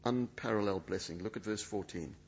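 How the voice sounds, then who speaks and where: A man's voice: fairly low pitch, brisk, darkish tone, slight background noise. A male preacher, preaching a sermon in an emphatic, dramatic way. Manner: emphatic, dramatic, acts out quoted speech. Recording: dull lo-fi sound.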